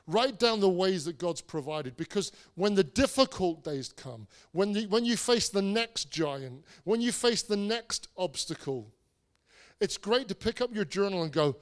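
High-voiced preacher telling a story. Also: male voice. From England. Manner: conversational storytelling with restarts and self-deprecating asides. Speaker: pastor. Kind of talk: sermon.

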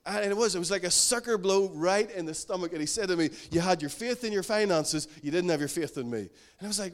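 A man's voice: high voice, expressive, fast, few pauses. Man preaching, earnest and emphatic, slightly raised voice, repeats for weight. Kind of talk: sermon.

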